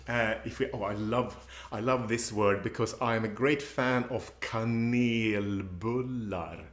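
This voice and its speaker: Slow, patient male teacher. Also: medium pitch, echoey room. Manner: patient, laughs often, models words slowly. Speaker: Swedish language teacher. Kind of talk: live classroom presentation. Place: presentation room with slides.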